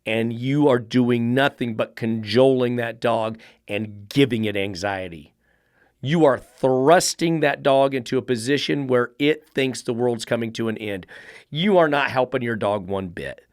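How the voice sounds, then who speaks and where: A man's voice: medium pitch, measured pace, dry recording. Blunt man in his middle years, dog trainer host, cusses, dry close sound. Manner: blunt, profane, fires rhetorical questions. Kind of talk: podcast monologue.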